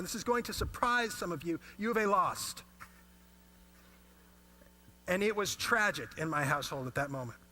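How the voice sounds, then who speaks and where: Bright-voiced storytelling pastor. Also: male voice, high voice. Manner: animated storytelling. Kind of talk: sermon.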